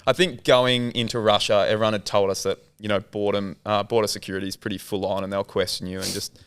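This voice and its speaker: A man telling a story as a podcast guest, excitable and using "like" heavily. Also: fairly low pitch, fast talker, clear, resonant tone. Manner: excitable, heavy on "like". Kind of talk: casual storytelling.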